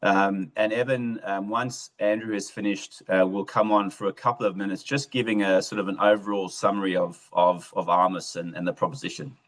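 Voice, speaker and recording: A man's voice: low-pitched, fairly even intonation, a little fast, few pauses, fairly bright tone, low-quality recording. A man hosting a webinar, giving an introduction and reading a guest's bio in a hesitant way. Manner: hesitant, with many fillers. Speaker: webinar host.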